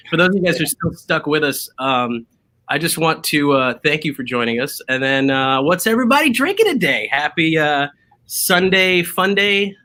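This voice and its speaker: A man's voice: fairly high pitch, bright, forceful tone. A man hosting a casual online drinking show over a video call, upbeat and chatty with lots of fillers. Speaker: show host.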